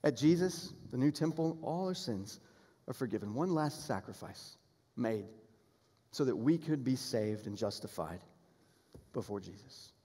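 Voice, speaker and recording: A pastor preaching a sermon, earnest and emphatic, building toward appeals and repeating key phrases. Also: male voice, medium pitch, lively intonation, measured pace, warm tone, slightly rough. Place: church sanctuary. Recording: long hall reverb in a church sanctuary.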